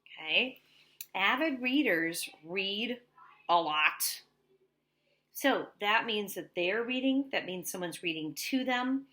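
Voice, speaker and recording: Young female teacher, lively sing-song delivery for a kids' reading lesson. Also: mid-range voice, takes it slowly. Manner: animated, sing-song, talking to little kids.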